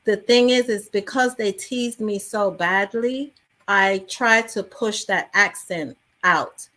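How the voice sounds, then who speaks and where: A woman, originally from England, telling stories in a lively interview conversation. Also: mid-range voice, slow. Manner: animated storytelling with many fillers. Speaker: actress guest.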